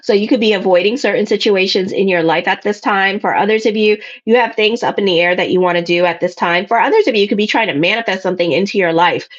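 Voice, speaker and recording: A woman's voice: mid-range voice, quick pace, few pauses, lo-fi sound. A woman astrologer giving a casual weekly tarot reading in a sassy, blunt way. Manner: sassy, blunt, acts out listeners' voices.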